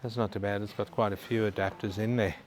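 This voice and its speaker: A man's voice: lowish voice, fairly even intonation, fast, slight background noise. An Australian man casually walking through a department store, chatting to viewers and reading out prices. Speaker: vlogger. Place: indoor department store in a shopping centre.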